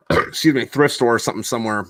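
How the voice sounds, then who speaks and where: A young man co-hosting a podcast, chatting casually and telling stories in a profane, animated way. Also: mid-range voice, fast talker, dry recording. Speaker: podcast co-host. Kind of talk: casual chat.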